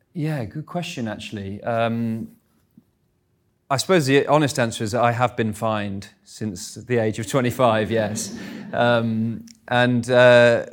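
Chatty English man telling stories. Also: medium pitch. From England. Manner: chatty, self-deprecating, laughs at own stories. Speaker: guest speaker. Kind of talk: live stage interview, storytelling. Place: live event stage.

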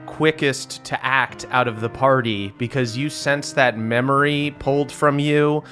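A man's voice: mid-range voice, fairly even intonation, measured pace, a bit bright, soft background music. Male game master narrating a tabletop scene. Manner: loose, descriptive with fillers.

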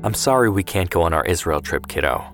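A man reading the part of a sharp-tongued, affectionate grandfather in a story, in plain banter. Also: low-pitched, animated, fast talker, faint music behind. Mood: tender. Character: feisty, teasing grandfather, older man.

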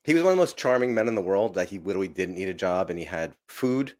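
Deep-voiced man telling rambling stories. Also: lively intonation, fast, darkish tone, no room sound, clean studio sound. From New Jersey. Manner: rambling, profane, self-interrupting. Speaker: guest. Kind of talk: casual storytelling.

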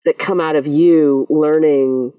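Give me an interviewer who lays out long, thoughtful questions for a guest. The tone is mellow and the pitch is mid-range. The voice sounds dry, with the speaker sitting a little back from the mic. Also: steady tone, slow, clean tone, no echo, recorded from a distance, poor audio. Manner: thoughtful, framing questions at length.

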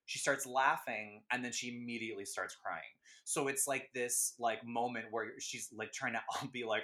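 A man's voice: medium pitch, steady tone, fairly quick, hardly any pauses, bright, forceful tone. A man hosting a podcast, chatting casually about films, emphatic and often laughing. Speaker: podcast host. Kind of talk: casual film chat.

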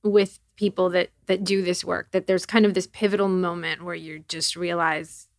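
Co-host, woman, slightly low voice, dry close mic, thoughtful and gentle questioner. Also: level tone, moderate pace, no room sound. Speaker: podcast co-host. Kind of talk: interview questions.

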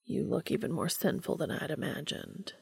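A woman reading a fan fiction audiobook, voicing a calm, intense adult man with a deep, gravelly voice and a low, measured delivery. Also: no room sound, studio quality, heavily acted. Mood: breathless.

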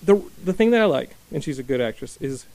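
A man's voice: on the high side, animated, fast, darkish tone. A man hosting a casual podcast from a small studio, rambling with frequent ums and restarts. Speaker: podcast host.

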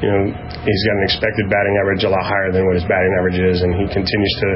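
Halting low-voiced male baseball manager. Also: monotone. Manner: halting, heavy on fillers. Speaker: baseball team manager at a postgame press conference. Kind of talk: postgame press answers. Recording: muffled press-room audio with background noise.

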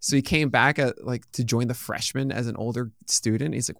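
A man hosting a casual chat, telling stories in a relaxed, rambling way. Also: mid-range voice, brisk, gravelly, no echo, clean studio sound. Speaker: host.

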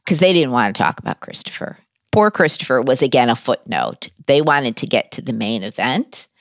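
A woman speaks in a low, slow voice with plenty of gravelly fry. She tells a personal story candidly in an interview, with a wry, conversational touch. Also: no echo, studio quality. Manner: candid, conversational, self-deprecating humor. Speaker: interview guest.

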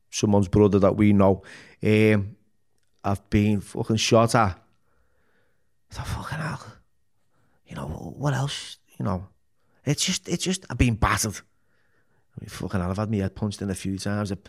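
A middle-aged man, a podcast guest talking candidly, bluntly and full of swearing, often restarting his sentences. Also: fairly low pitch. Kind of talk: candid interview talk.

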